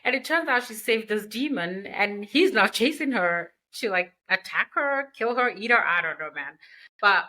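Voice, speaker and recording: A woman's voice: mid-range voice, lively intonation, moderate pace, pushed and bright, low-quality recording. Chatty woman recapping a book. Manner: chatty, slangy retelling with asides. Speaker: podcast host.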